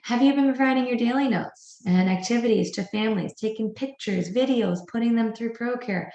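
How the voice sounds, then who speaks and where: A woman's voice: on the high side, brisk, creaky, dark tone, echoey room. Firm woman briefing staff. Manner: firm, instructive, repeats key points. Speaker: preschool director.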